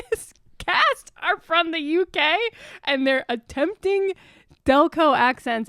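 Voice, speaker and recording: Young philly woman on a comedy podcast, swears a lot, wired on coffee, high smooth voice, dry mic. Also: dry recording. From Philadelphia suburbs. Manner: ranting, swearing, animated. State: over-caffeinated. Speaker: podcast co-host. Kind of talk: casual comedic chat.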